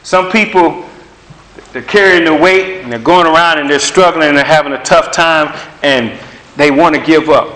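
A man's voice: a little high, moderate pace, a bit bright, slight background noise. A man preaching a sermon, emphatic and conversational, repeating phrases to drive points home. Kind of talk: sermon with prophetic words. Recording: echoey room.

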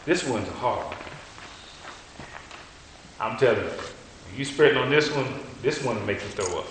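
A man preaches in a loose, storytelling way, his forceful, bright voice ringing through a big reverberant hall. Faint noise sits under the long echo. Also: medium pitch, normal speed. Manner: storytelling, animated, colloquial. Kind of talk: sermon. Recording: echoey hall.

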